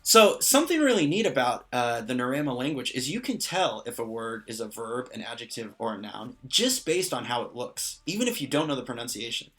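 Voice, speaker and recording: Bright-voiced man teaching a lesson. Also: mid-range voice, very animated, fairly quick, few pauses. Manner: patient, explanatory, lightly joking. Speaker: language teacher. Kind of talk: casual lesson explaining a constructed language.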